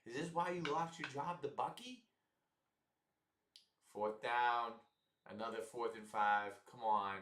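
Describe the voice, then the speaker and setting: A man giving casual live reactions to a football game, excitable and exasperated, often repeating himself. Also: medium pitch, unhurried, pauses often, roomy sound, recorded from a distance.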